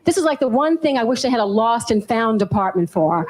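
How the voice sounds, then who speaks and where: A woman's voice: fairly high pitch, expressive, fairly quick, a little mellow. A young woman from New Orleans doing a playful, self-mocking stand-up routine. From New Orleans, USA. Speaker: stand-up comedian.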